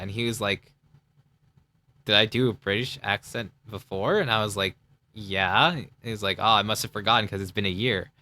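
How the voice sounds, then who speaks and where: A man's voice: lowish voice, a bit bright. A young man streaming casual commentary on his own parody series, rambling with lots of fillers and laughs.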